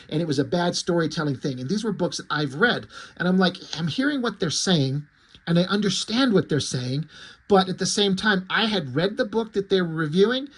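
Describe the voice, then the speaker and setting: Brief: high-voiced man, comic reviewer, rambling and sweary, sarcastic. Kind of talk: casual commentary.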